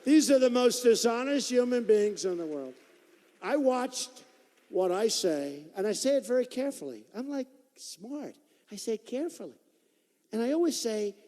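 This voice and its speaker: Man in his 60s giving an animated rally speech. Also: sits high, fairly quick. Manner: repetitive, boastful, conversational. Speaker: political candidate at a rally. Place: large performing arts hall. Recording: long hall reverb.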